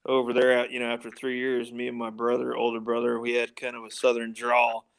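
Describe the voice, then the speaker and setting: A man's voice: mid-range voice, monotone, a little fast, creaky, smooth. A man from the United States hosting a casual podcast chat, rambling and laughing often. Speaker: show host.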